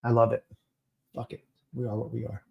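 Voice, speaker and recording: A man's voice: mid-range voice, completely flat delivery, a little fast, creaky, highs cut off. A man with a New Jersey accent hosting a casual live stream, chatting and repeating phrases for emphasis.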